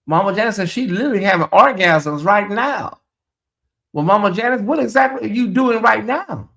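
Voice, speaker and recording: A man's voice: sits high, animated, moderate pace, creaky, bright, forceful tone. A man hosting a casual livestream, chatting animatedly and reading out viewer comments with exclamations and asides. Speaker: livestream show host.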